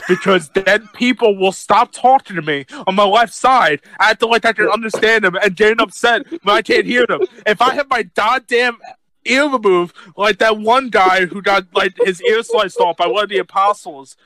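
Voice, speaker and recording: A man chatting as a podcast co-host, rambling and self-mocking in a casual, animated way. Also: sits high, moderate pace, no echo. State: deaf in left ear. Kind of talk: casual chat.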